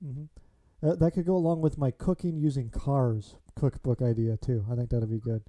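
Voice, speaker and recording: A man's voice: mid-range voice, steady tone, moderate pace, mellow. A man hosting a casual car podcast, easygoing and joking, often murmuring agreement. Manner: easygoing, joking, many "mm-hmm"s. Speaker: podcast host. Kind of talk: casual chat.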